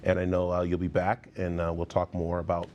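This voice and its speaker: A man's voice: low-pitched, completely flat delivery, brisk, a little mellow, dull audio, slight background noise. A man in his fifties hosting a TV morning show, chatting in a studio interview with a friendly manner and many fillers. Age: 50s.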